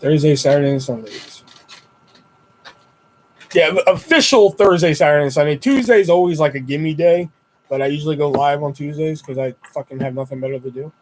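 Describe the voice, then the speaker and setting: Young man, high voice, casual livestream host, profane rambling chat, animated storyteller, desktop mic. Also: brisk, a little hiss or hum, low-quality recording. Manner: animated retelling with high-pitched quoted exclamations. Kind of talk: casual live-stream chat.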